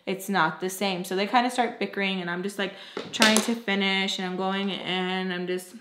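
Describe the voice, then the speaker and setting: A woman's voice: medium pitch, flat delivery, normal speed, background noise. A young woman makeup artist telling a story time in a casual, exasperated way, full of fillers. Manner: exasperated, chatty, heavy use of "like". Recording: echoey room.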